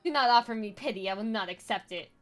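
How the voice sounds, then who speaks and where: A woman's voice: medium pitch, fast, soft background music, voice pushed down, close to an everyday voice. A woman voicing a sheltered young dragon girl who is skittish yet proud. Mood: frightened. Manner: skittish, flustered.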